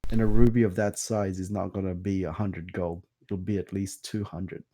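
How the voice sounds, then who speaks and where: A man narrating as game master, relaxed and hesitant with many fillers. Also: sits low, moderate pace.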